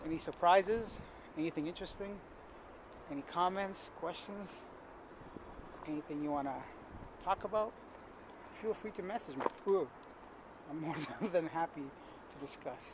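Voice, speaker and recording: A man's voice: fairly high pitch, a little slow, long pauses. A man vlogging outdoors on rocky hills, talking to the camera in a chatty, self-mocking way. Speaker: travel vlogger. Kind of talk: casual vlog narration. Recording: outdoor mic with wind and street noise. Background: traffic, car horns and dogs outdoors.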